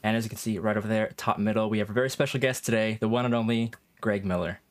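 Relaxed man hosting a podcast. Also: on the low side, quick pace. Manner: relaxed, laughing, introduces guests. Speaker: host. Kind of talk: casual podcast intro.

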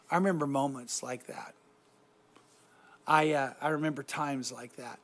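A middle-aged man giving a reflective devotional talk on meditation, soft-spoken and often trailing off quietly. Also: mid-range voice, steady tone, moderate pace. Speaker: Christian speaker guiding meditation.

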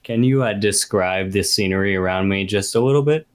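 A man's voice: fairly low pitch, fairly quick. A man playing in a tabletop role-playing game, laid-back and joking. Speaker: player. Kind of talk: casual tabletop role-play.

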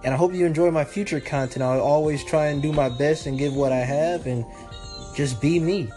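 A man leaving a voice message for a podcast host, encouraging and warm. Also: fairly high pitch, normal speed, soft background music. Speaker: fellow podcaster in a call-in. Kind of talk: recorded voice message.

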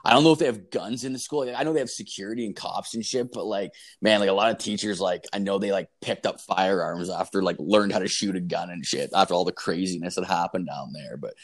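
Low-voiced Canadian man telling a profane story. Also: fast talker, hardly any pauses. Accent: Canadian English. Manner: heavy swearing, constant "like" fillers, animated retelling.

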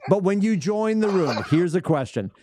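A man with a New England accent hosting a casual sports podcast, animated and teasing, laughing often. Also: sits high, moderate pace, a crowd in the background. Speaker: podcast host.

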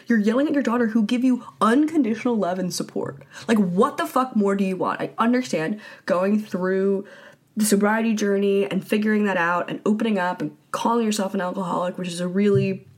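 A young woman hosting a podcast, giving blunt, profane gossip commentary in a casual chat style and saying "like" a lot. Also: medium pitch. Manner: blunt, profane, heavy use of "like". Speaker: podcast host.

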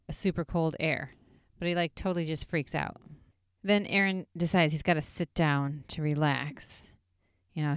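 Lady with a low smooth voice, chatty recap, says like a lot, dry sound. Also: no room sound. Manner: chatty, many "like" fillers, excitable retelling. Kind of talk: casual episode recap.

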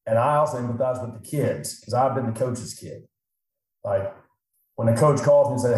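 Echoey middle-aged man, lively advisor talk. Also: medium pitch, moderate pace. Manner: animated, acts out clients' voices. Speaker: financial advisor. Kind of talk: casual podcast talk. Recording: very echoey room.

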